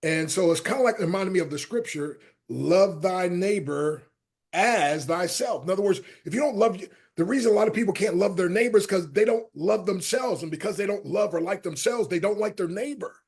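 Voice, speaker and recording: A man's voice: high voice, fast, few pauses, breathy edge. A middle-aged man, a motivational speaker, telling personal stories as a guest in an interview, acting out the voices of the people he quotes. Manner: animated storyteller who acts out quoted voices and shifts loudness a lot. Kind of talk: storytelling interview talk.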